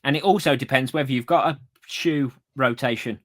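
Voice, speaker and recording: A man's voice: mid-range voice, a little fast. A man co-hosting a running podcast, easygoing and agreeable, reading listener comments. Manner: easygoing, agreeable, frequent yeahs. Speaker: podcast co-host.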